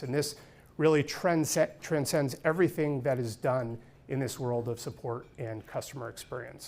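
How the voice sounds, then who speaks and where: Hosting a live panel in front of a conference audience, this Californian moderator has a mid-range, darkish voice with vocal fry. He keeps a steady delivery, though he often says "um" and restarts sentences.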